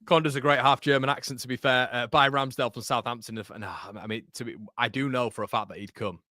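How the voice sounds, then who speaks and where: A man's voice: medium pitch, steady tone, fast, pushed and bright, no room sound, studio quality. A young man hosting a live football watchalong, chatting about the match and reading out viewer comments, tired after a long stream, often repeating words. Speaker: football channel host.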